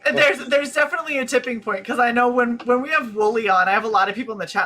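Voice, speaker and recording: A woman hosting a casual interview chat, telling stories in an animated way and reading comments from the chat. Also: on the high side, racing. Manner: animated, laughing storyteller. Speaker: podcast host.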